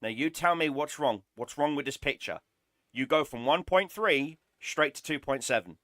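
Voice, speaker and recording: Gamer guy ranting, sarcastic, lots of swearing, bright sharp voice, dry close mic. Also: fairly high pitch, normal speed, dry recording. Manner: exasperated, sarcastic, swears a lot. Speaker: gaming streamer. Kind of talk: ranting gameplay commentary.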